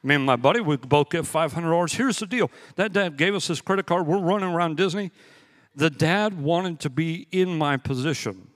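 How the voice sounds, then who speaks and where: A man delivers a sermon in a relaxed, conversational style, weaving stories together and driving each point home by repeating it. His voice sits a little high for a man. The sound rings out with a long reverb tail, as if he is preaching in a large church auditorium. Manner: conversational storytelling with emphatic repetition. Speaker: pastor.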